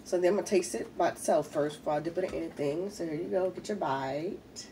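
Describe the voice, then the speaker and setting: A woman's voice: on the low side, racing, warm tone, distant mic, a little hiss or hum. A woman, chatting casually while eating in a mukbang video, a little congested from a head cold. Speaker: mukbang vlogger.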